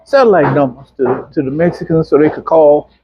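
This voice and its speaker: A middle-aged man, an interview guest telling personal stories in a casual, animated way and acting out other people's voices. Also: a little high, fairly quick, husky, dry recording. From Arkansas, USA. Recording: dull, muffled lo-fi sound.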